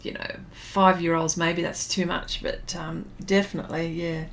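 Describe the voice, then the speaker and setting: A middle-aged woman hosts an art livestream, speaking in a lowish, level voice at a moderate pace. While drawing and reading viewer comments, she chats casually and reminisces, rambling with lots of fillers and laughs.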